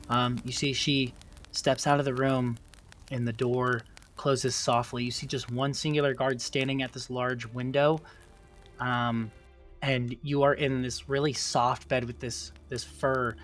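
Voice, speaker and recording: A man's voice: mid-range voice, a bit bright. A man narrating as game master of a tabletop role-playing game, rambling with many fillers.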